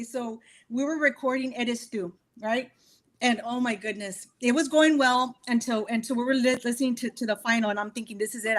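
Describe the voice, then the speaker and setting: A woman's voice: a little high, a bit bright. A woman from Texas, a guest musician chatting casually in a radio interview and telling stories with frequent laughter. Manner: chatty storyteller, laughs often.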